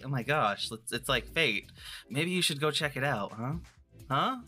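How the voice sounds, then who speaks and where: A man's voice: medium pitch, animated, normal speed, bright, forceful tone, faint music behind. A man chatting casually on a live stream, playful and rambling, often restarting his sentences. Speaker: vtuber streamer.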